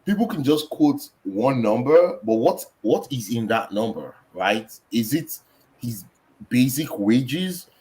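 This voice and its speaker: A man co-hosting a casual football podcast, explaining in a measured way with frequent fillers. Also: mid-range voice, animated, dark tone, slight background noise, rough recording. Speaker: podcast co-host.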